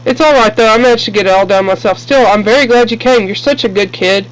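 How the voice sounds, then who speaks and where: A man reading the lines of a gentle, lonely elderly widow in a game, in his own plain voice without an old-lady voice. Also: sits high, fast, low-quality recording.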